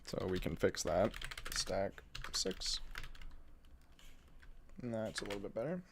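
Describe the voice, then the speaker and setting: A man's voice: fairly low pitch, slow, vocal fry, background noise. A man hosting a casual live stream, chatting with viewers and joking at his own expense as he builds. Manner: lively, jokey, chatty, often laughs at himself.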